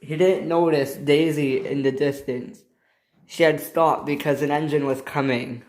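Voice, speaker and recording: Slow, halting toy-train storyteller. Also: medium pitch, steady tone, a little mellow. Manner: halting, self-correcting narration. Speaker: narrator. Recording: echoey room with noisy background.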